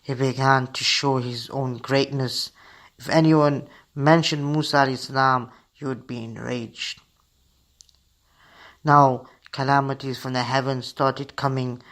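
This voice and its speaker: A man hosting a radio program, telling a religious story to children in a steady reading voice with occasional slips. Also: mid-range voice, measured pace.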